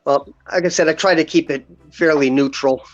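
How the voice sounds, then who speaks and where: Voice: medium pitch, fairly even intonation, normal speed, muffled recording, faint music behind. A guest from New Jersey, chatting in a plain, friendly, matter-of-fact way on a video call. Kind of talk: casual video call chat.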